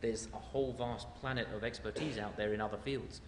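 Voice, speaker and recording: Man, rapid talk, thinking aloud, echoey hall. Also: lowish voice, fairly even intonation, background noise. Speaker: panelist. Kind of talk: panel discussion answer. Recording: echoey hall with faint ambience.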